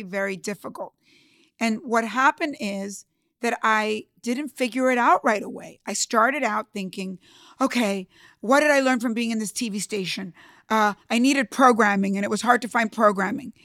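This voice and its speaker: Podcast host lady, kinda high voice, earnest and emphatic, dry close mic. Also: normal speed, fairly bright tone, no room sound. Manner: earnest, emphatic, repeats herself when moved. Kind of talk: personal storytelling.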